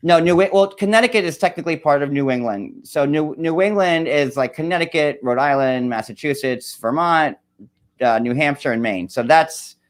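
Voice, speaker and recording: A man's voice: a little high, moderate pace. Rambling man chatting casually. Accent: New York area. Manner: rambling, many "like" and "um" fillers. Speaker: host. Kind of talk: casual chat.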